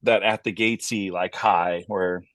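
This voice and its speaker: Animated, profane metal vocalist, dry sound. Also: male voice, low-pitched, unhurried, no room sound. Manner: animated storyteller, swears freely, acts out quoted voices. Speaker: metal band vocalist, guest. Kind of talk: casual interview chat.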